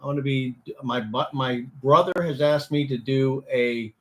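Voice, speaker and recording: A man's voice: medium pitch, steady tone, normal speed. Rambling mid-voiced male co-host. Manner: rambling, tells jokes as stories. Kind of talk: casual live-stream chat.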